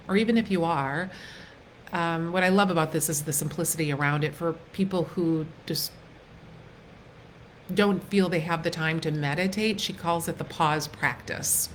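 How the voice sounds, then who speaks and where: A middle-aged woman coach speaking casually on a live stream, earnest and gentle, with soft pauses and restarts. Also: lowish voice, slight background noise, poor audio. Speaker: wellness coach hosting a live workshop.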